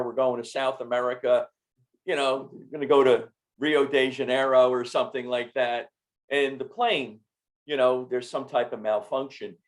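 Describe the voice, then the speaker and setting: A man hosting a podcast interview, speaking in an encouraging, motivational way. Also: medium pitch. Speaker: podcast host.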